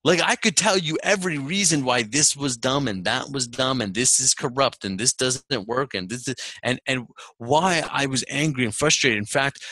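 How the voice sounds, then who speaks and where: A motivational speaker at a seminar recounts something from his own life with plenty of animation and frequent laughs. His voice is medium-pitched, and the audio carries no room sound.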